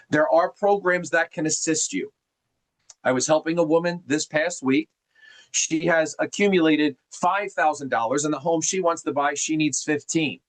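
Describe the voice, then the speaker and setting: A middle-aged man from New Jersey giving an animated, folksy seminar talk to a group on a video call. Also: a little high, rough recording. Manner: animated, folksy, calls listeners gang. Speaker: mortgage presenter on a group call.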